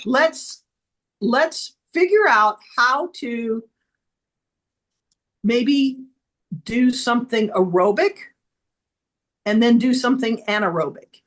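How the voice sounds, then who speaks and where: A woman at a club meeting giving an unhurried impromptu talk, explaining things simply. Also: on the high side, fairly bright tone. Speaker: meeting participant. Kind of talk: impromptu speech.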